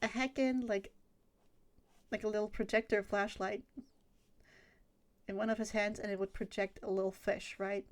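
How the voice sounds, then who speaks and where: A woman's voice: mid-range voice, level tone, moderate pace, long pauses. A young woman chatting casually on a livestream while she draws. She rambles, laughs often and swears freely. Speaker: streamer.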